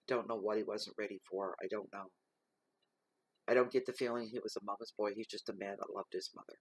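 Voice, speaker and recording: Husky low-voiced man reading tarot. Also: fairly even intonation, dry recording. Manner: slow, reflective, reading card keywords aloud. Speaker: tarot reader.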